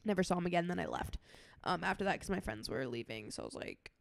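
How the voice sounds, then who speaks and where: A woman's voice: fairly low pitch, animated, fast, gravelly, no room sound, clean studio sound. A woman co-hosting a casual podcast, telling stories with lots of "like" and acting out what people said. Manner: storytelling with lots of "like" and acted-out quotes. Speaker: podcast co-host. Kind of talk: casual chat.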